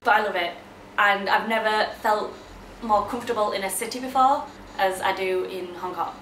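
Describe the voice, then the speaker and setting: A woman's voice: medium pitch, steady tone, moderate pace, a bit bright, slight background noise. A young woman from England, chatting casually to camera as a vlogger, bubbly and full of exclamations. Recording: roomy echo.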